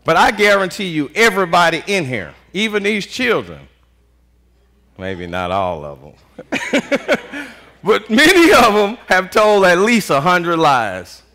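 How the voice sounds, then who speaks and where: A man preaching as pastor to his congregation, with a bright, ringing voice. His pitch leaps high and low as he calls out and waits for the response. He talks in plain, casual vernacular, full of "y'all". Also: unhurried, pauses often. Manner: animated call-and-response preaching with frequent "Amen"; Southern US Black vernacular speech, "y'all". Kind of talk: sermon.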